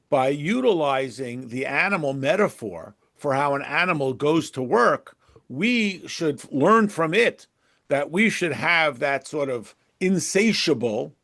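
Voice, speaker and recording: A man with a slightly higher voice gives a relaxed Torah lesson. His talk wanders through asides and restarts. He drops in Hebrew phrases, explains them, and briefly acts out small exchanges. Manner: chatty and digressive, with frequent restarts and asides; mixes in Hebrew terms and translates them. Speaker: Torah class teacher. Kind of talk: conversational lesson.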